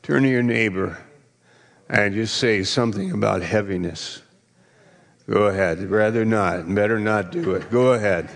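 A man's voice: fairly low pitch, normal speed, creaky. A male pastor preaching a sermon, teasing the congregation in a playful way. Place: large church hall. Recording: long hall reverb.

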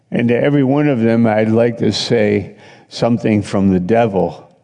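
A man's voice: lowish voice, fairly even intonation, moderate pace, creaky, mellow, big-room sound. A middle-aged man preaching a sermon, telling stories in a conversational way and acting out other people's lines. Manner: conversational storytelling preacher, voices others in quotes. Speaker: pastor.

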